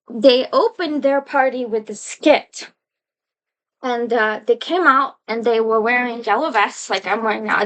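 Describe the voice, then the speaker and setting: Woman vlogger, high voice, casual rambling anecdote full of restarts. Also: low-quality recording. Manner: rambling, conversational, many restarts and asides. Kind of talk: casual storytelling monologue.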